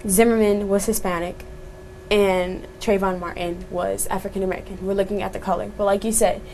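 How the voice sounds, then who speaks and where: A woman's voice: medium pitch, little pitch movement, brisk, darkish tone, a little hiss or hum, low-quality recording. A young woman, an activist guest on a talk show, speaking earnestly and firmly with many fillers. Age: young adult.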